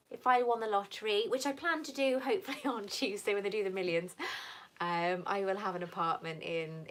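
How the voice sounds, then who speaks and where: A woman in her thirties from Wales, hosting a casual live Q&A and chatting warmly with viewers, calling them "lover" and "sweetheart". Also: medium pitch, a little hiss or hum. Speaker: livestream host answering viewer questions.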